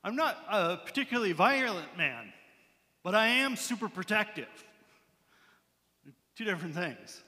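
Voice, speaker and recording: A man's voice: high-pitched, very animated, slow pace, long pauses, bright, forceful tone. A male pastor preaching and praying in a casual, conversational way in a church sanctuary. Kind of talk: sermon with prayer. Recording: long church hall reverb.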